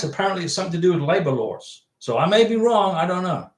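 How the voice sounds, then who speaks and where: A fairly high-voiced man hosts a relaxed livestream, reading out viewer messages and answering them plainly and directly. His voice carries a roomy echo, as if he were talking in an ordinary room at home. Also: fast talker. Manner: folksy, reads viewer chats aloud and answers directly. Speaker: livestream host giving visa advice. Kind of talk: casual livestream chat.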